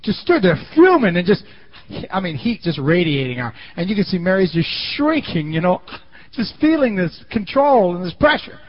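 A man preaching in a dramatic, storytelling style, his high voice leaping up and down as he acts out the scene. He often turns to the audience with questions. The recording is dull and lo-fi. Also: sing-song, moderate pace. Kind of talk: storytelling sermon.

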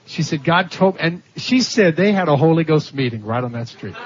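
A man's voice: on the high side, expressive, moderate pace, slight background noise. A man preaching a sermon, telling stories with animation, laughing and acting out the voices of the people in them. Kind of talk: sermon storytelling. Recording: dull lo-fi sermon recording.

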